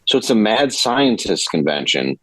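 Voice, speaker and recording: A man's voice: fairly low pitch, normal speed, no room sound, poor audio. A man, a comedian guest, chatting casually on a podcast and telling a story with lots of laughter and acted-out quotes. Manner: animated storyteller, laughs often, acts out quotes.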